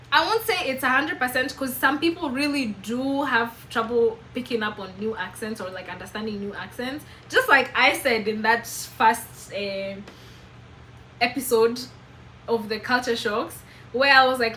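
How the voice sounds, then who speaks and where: Kenyan woman vlogger, bright higher voice, candid and animated, faint hiss behind. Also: measured pace, low-quality recording. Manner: candid and animated, repeats and restarts phrases. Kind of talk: casual chat to camera.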